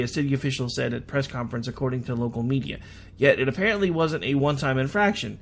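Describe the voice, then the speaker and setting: An American man hosting a radio show, reading international news aloud and breaking off into sarcastic, self-deprecating asides with halting restarts. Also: mid-range voice, creaky. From United States. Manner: reads news then adds chatty sarcastic asides. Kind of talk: casual news commentary.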